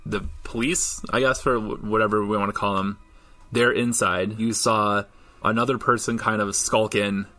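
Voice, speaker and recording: A man's voice: on the low side, fairly even intonation, normal speed, sharp tone. A man narrating a tabletop role-playing game as dungeon master in a loose, hesitant way. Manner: casual, hesitant with many fillers.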